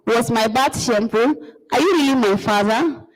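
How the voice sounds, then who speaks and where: A woman's voice: on the high side, normal speed, lightly acted. A woman reading a play aloud, voicing a young man who pleads insistently with his father. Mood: pleading. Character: young man demanding to know his mother. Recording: long hall reverb.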